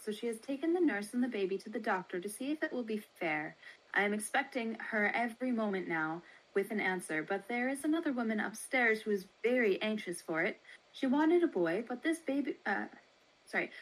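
A woman voicing a complacent, businesslike woman baby trader, reading quickly from a historical article. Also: a little high, rough recording. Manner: brisk, matter-of-fact reading.

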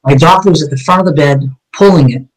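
Guy recounting a cop story, swears a lot, blunt and punchy, voice a bit high for a man. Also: fast talker, poor audio. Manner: blunt and emphatic, heavy cursing. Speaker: police officer telling his story as a guest. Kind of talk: emotional storytelling in a conversation.

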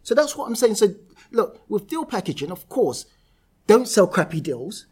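Animated British man telling stories. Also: high-pitched, moderate pace, breathy edge. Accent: British English. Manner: animated storyteller, voices others in quotes. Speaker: property entrepreneur guest. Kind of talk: podcast interview.

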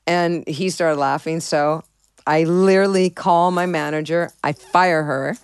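A woman's voice: low voice, unhurried, clear, resonant tone, dry recording, clean studio sound. A middle-aged woman musician, a guest in an interview, telling stories candidly and profanely and acting out both sides of past conversations. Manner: animated, profane, acts out conversations.

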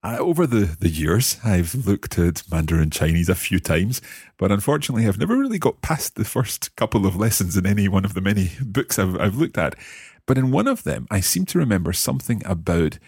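A man's voice: on the low side, sing-song, fairly quick, darkish tone, breathy edge, no room sound, clean studio sound. A man hosting a language lesson podcast, curious and carefully repeating words after his teacher. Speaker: host and learner.

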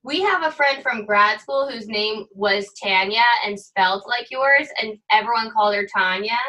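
Woman, thirties, podcast co-host, bright voice, playful teasing, casual chat. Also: on the high side, moderate pace, rough recording. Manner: playful, teasing, laughs often.

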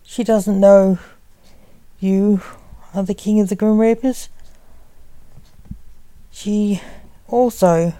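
A woman's voice: medium pitch, fairly even intonation, slow pace, pauses often, warm tone, dry recording, natural voice. Woman reading as a blunt young enchantress. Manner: blunt, matter-of-fact.

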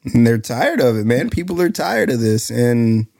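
A man co-hosting a podcast in casual chat, measured and pausing often. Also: mid-range voice, very animated, vocal fry, a little mellow, no echo, clean studio sound. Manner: measured, with many "uh" pauses. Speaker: podcast co-host.

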